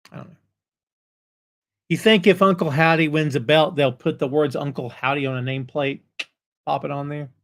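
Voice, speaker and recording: A middle-aged man hosting a live wrestling talk show, folksy and jokey as he banters with viewers. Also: on the high side. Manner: animated, folksy, jokey banter with chat readers. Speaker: podcast host.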